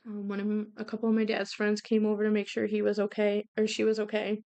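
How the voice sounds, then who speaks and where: A young woman hosting a podcast, telling a personal story of losing her father in a halting, emotional way full of fillers and restarts. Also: medium pitch, monotone, gravelly, dark tone, clean tone. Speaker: podcast host. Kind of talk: personal storytelling about grief.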